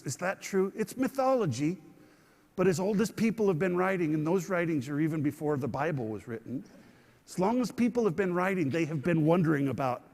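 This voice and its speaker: A man's voice: fairly high pitch, gravelly, darkish tone, big-room sound. A man teaching a sermon in a conversational way, often asking his listeners questions. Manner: conversational, asks the audience questions.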